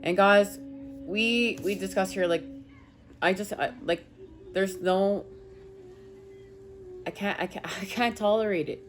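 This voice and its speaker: A woman's voice: mid-range voice, slow, pauses often, slight background noise. A woman tarot reader telling viewers a personal story in an emphatic, rambling way, swearing now and then. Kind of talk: casual spiritual talk to viewers.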